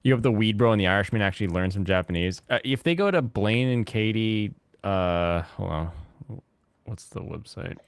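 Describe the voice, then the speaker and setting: A man with a fairly low voice hosts a laid-back chat as he plays, drifting from thought to thought. He stops and restarts often and fills his gaps with "uh" and "like". The sound is dry and close. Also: smooth, no echo. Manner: rambling, halting with many fillers. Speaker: host. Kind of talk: casual chat while gaming.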